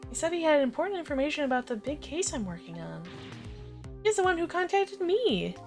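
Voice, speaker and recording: A woman's voice: high voice, big pitch swings, brisk, a little mellow, soft background music, pitched above the performer's own voice. A woman voicing an earnest young woman detective who speaks directly and seriously. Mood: defensive.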